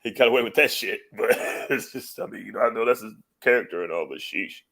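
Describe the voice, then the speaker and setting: A man's voice: on the low side, fast talker, creaky, sharp tone, slightly rough. A man co-hosting a podcast, talking in a laid-back way with laughing asides. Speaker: podcast co-host. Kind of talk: casual chat.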